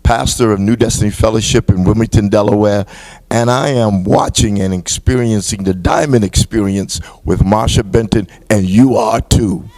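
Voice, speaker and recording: A man who is a pastor, a guest in an interview, speaking in measured phrases with frequent pauses. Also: fairly low pitch, darkish tone. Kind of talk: interview conversation.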